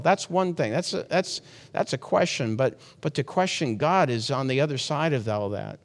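A man's voice: mid-range voice, animated, normal speed, big-room sound. A man preaching a sermon in an earnest, conversational way, often restarting his sentences.

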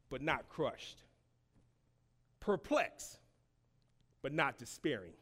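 Impassioned preacher, high lively voice. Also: male voice, husky. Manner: call-and-response preaching, rising to shouts; slow, emphatic phrasing with long pauses. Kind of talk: sermon.

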